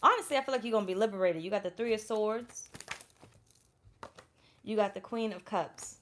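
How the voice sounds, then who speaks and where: A woman's voice: medium pitch, normal speed, a bit bright, a little hiss or hum. Young adult woman tarot reader, blunt, profane, chatty and repetitive. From Florida, USA. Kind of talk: casual tarot reading with personal story.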